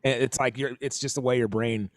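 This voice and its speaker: A man's voice: medium pitch, fairly even intonation, fairly quick, no echo, clean studio sound. A man hosting a casual drum stream, rambling and self-correcting as he explains accents and counts beats aloud over a video call. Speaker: drum teacher and stream host.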